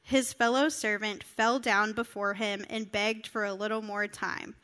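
A woman's voice: mid-range voice, steady tone, measured pace, a bit bright. A woman preaching a sermon, reading scripture and then explaining it, earnest and emphatic as she speaks straight to her listeners.

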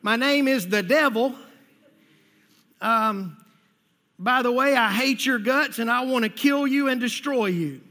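A preacher putting on a mocking, taunting devil. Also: male voice, a little slow, long pauses, long reverb tail, exaggerated voice. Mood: falsely friendly. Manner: mocking, louder and slightly higher than his preaching. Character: taunting, scornful male devil.

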